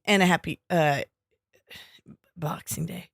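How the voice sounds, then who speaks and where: A woman's voice: low voice, steady tone, vocal fry, no echo, studio quality. A woman co-hosting a podcast in casual chat, joking and swearing freely. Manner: profane, joking, quick quips. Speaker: podcast co-host.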